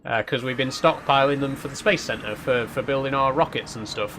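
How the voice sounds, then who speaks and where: A man's voice: medium pitch, brisk, few pauses, fairly bright tone, a little hiss or hum. A man with a mild Yorkshire accent, chatting and thinking aloud as he plays on a live stream. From South Yorkshire, England. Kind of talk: casual live-stream commentary while playing.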